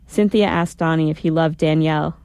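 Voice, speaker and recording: A woman reading a first-person story aloud in a measured, reflective way. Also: low voice, steady tone, a little mellow. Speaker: narrator.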